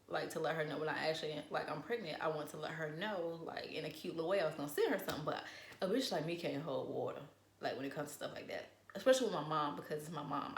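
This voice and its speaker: A young woman in casual storytime chat, animated and profane, acting out what people said. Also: deep voice, echoey room. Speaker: vlogger.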